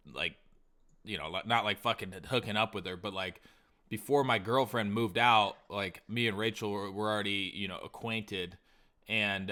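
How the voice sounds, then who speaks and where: A man's voice: fairly low pitch, sharp tone. A man telling a rambling, profane story in a casual podcast chat. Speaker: podcast co-host.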